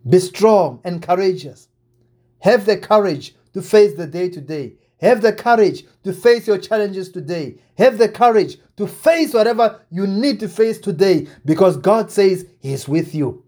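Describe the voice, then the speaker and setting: High-voiced preacher man, exhorting. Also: measured pace, a little mellow. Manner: repetitive, exhorting, rising and falling emphasis. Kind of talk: sermon.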